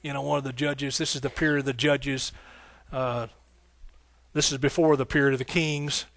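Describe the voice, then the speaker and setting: A man's voice: medium pitch, flat delivery, normal speed, a bit bright, no echo. A man preaching a sermon, fervent and rhythmic, repeating phrases, calling out hallelujah and talking folksily to the congregation. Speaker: pastor.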